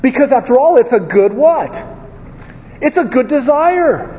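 Mellow-voiced preacher in a reverberant hall. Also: male voice, extremely high pitch, expressive, a little slow. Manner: candid storytelling, rhetorical questions. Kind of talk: conversational sermon. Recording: dull lo-fi sound with long hall reverb.

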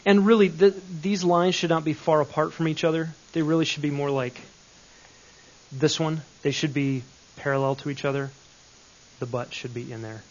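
A man's voice: on the high side, steady tone, normal speed, dull audio. A man teaching a Bible grammar lesson, explaining step by step and checking in with questions.

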